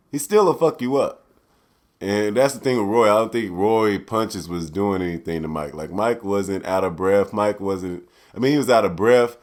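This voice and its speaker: A young man hosting a casual solo podcast, loose and profane, swinging from loud outbursts to low mutters. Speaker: podcast host.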